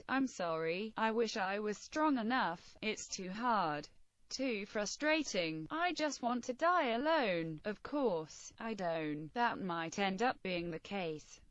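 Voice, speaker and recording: A woman's voice: medium pitch, no room sound. A woman narrating a first-person story in an earnest, intense manner. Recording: dry, slightly muffled recording.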